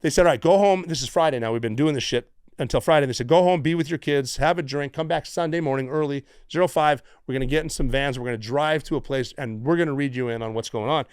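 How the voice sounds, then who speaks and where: A middle-aged man from the United States, a former Navy SEAL guest telling stories in a casual, profane, animated way. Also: medium pitch, quick pace, clear, resonant tone, dry recording, studio quality. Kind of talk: casual storytelling.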